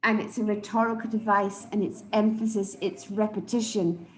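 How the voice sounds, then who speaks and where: A woman coaching public speakers live, emphatic and deliberate, often repeating key words for stress. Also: mid-range voice, fairly even intonation, roomy sound, slight background noise, poor audio. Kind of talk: live speech evaluation to an audience.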